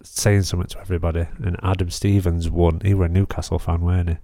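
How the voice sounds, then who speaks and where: A man's voice: low voice, little pitch movement, quick pace, warm tone, no room sound, studio quality. A man co-hosting a podcast, chatting casually and rambling through stories with laughs. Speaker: podcast co-host. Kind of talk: casual chat.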